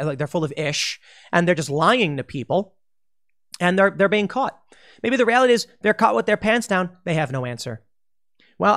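A man with a slightly higher-than-usual voice gives opinionated commentary. He reads news aloud and breaks off to mock it, speaking emphatically and sarcastically, straight at the listener. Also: a bit bright. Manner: sarcastic, emphatic, talks to the viewer directly. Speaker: political commentary host. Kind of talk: opinionated commentary while reading articles aloud.

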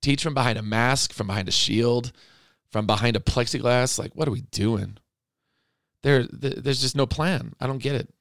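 A middle-aged man speaks straight into the mic in an impassioned podcast monologue, indignant and pleading by turns. His voice sits at an ordinary male pitch. The sound is dry, with no room around it. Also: moderate pace, creaky, no echo. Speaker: podcast host.

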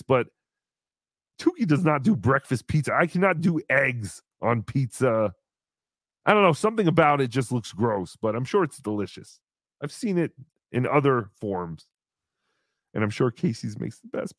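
A man hosting a live show, telling a story in casual chat with animated, exasperated swearing. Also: mid-range voice, moderate pace, no room sound, studio quality. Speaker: podcast host.

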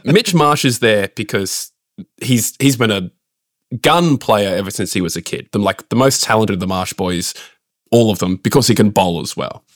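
Man, podcast co-host, opinionated ranter, lowish voice, dry close sound. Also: normal speed, dry recording. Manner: opinionated, ranting. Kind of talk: casual cricket podcast chat.

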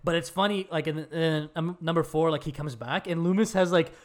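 A man chatting on a podcast in a fairly high voice. He retells scenes with heavy swearing and lots of energy, keeping the talk loose and casual. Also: fairly quick. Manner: profane, animated retelling. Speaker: podcast co-host.

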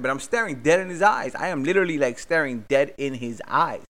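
A young man from hosts a casual podcast. His storytelling is excitable and full of swearing, and he acts out every exchange as he retells it. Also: medium pitch, brisk. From Miami, Florida. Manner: profane, excitable, acts out the dialogue. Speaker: podcast host. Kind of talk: animated storytelling.

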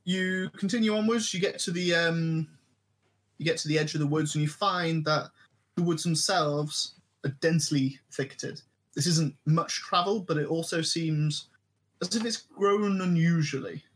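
A man narrating a tabletop role-playing game as game master, halting often with ums and restarts. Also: fairly high pitch.

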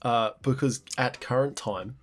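A man's voice: mid-range voice, measured pace, soft background music. A man, co-hosting a casual podcast in a chatty, self-deprecating way. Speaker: podcast co-host. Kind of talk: casual chat.

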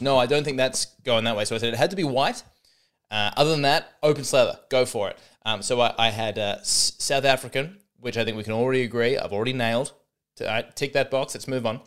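A man's voice: medium pitch, quick pace, fairly bright tone, clean tone. An Australian man hosting a comedy podcast, talking in a rambling, sarcastic, self-mocking monologue.

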